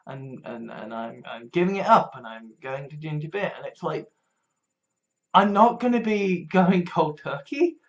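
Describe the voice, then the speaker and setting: The highs are cut off in this clip of a male vlogger whose voice is a little high, expressive, and unhurried. He rambles casually, stumbling into restarts and swearing freely, with frequent wry laughs at himself.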